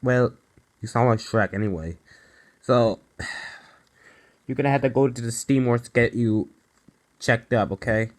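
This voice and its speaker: A man's voice: mid-range voice, a little slow, pauses often, natural voice. A man voicing a stern male railway boss who hedges with many ums and wells, over background music. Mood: firm. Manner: hesitant, full of ums and wells.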